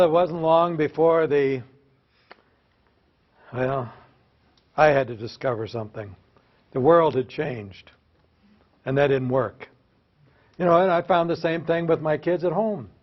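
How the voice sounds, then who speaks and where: A man's voice: a little high, lively intonation, a little slow, long pauses, lo-fi sound. Older American man telling wry stories. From United States. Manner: wry, self-mocking, asks the audience questions. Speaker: speaker, former teacher. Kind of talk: humorous storytelling talk to an audience.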